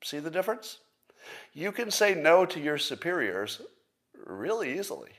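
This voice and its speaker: A man's voice: on the high side, sing-song, normal speed, fairly bright tone. A man hosting a podcast, giving a casual solo monologue in a plain-spoken, self-assured way and often asking rhetorical questions. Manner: conversational, persuasive, fond of rhetorical questions. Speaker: podcast host.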